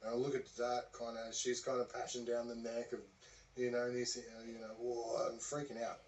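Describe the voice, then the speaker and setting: A man's voice: medium pitch, monotone, brisk. A man hosting a podcast, telling a story in a rambling, casual way, full of fillers. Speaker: podcast host. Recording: distant mic with faint background noise.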